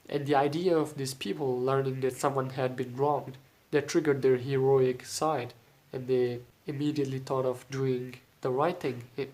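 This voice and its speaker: A man with a nasal voice from a cold, reading a short story he wrote and then slowly explaining its theme. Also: medium pitch. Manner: slow, reflective explaining. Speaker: writer reading his own stories.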